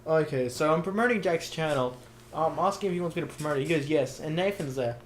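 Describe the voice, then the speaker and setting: A man's voice: on the high side, animated, fast talker, slight background noise. A teenage boy chatting bluntly and teasing on a casual podcast. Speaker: podcast co-host. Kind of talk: casual chat.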